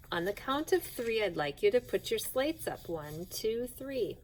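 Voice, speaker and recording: A woman teaching a phonics lesson to young children, speaking slowly and clearly and spelling out each sound with patience. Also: medium pitch, expressive, poor audio.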